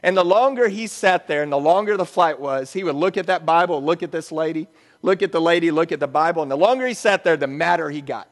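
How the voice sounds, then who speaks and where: A pastor preaching a sermon in a church, conversational and joking between points. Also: male voice, on the high side, quick pace, in a large hall. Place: church sanctuary.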